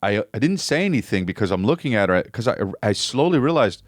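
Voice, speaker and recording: A man co-hosting a podcast, in casual, rambling chat with lots of halting restarts. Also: medium pitch, sing-song, no room sound. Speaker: podcast co-host.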